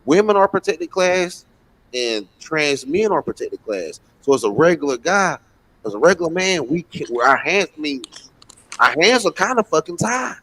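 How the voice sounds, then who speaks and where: A man's voice: on the high side, very animated, moderate pace, sharp tone, poor audio. A man hosting a casual panel chat, blunt and swearing freely. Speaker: host, addressed as pastor.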